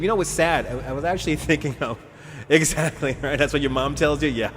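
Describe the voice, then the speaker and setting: A man's voice: fairly high pitch, brisk. A man in his thirties from the United States, hosting a live stream in casual, rambling chat, sarcastic and swearing, with frequent chuckles. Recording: roomy reverb with steady noise.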